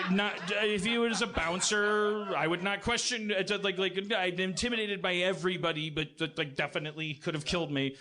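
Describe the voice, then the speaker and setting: A man hosting a podcast, telling a comic story in a profane, self-deprecating way with lots of stammering restarts. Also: high-pitched. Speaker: podcast host.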